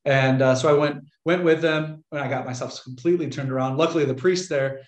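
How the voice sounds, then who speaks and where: A man, a Catholic priest, giving a casual, animated lecture and often restarting his sentences. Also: a little high, a little fast, reverberant. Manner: chatty, animated, frequent restarts.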